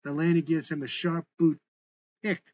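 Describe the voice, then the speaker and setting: A man's voice: fairly high pitch, little pitch movement, normal speed, muffled recording. A man reading a script aloud with stage directions in a plain, matter-of-fact way. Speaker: narrator and author.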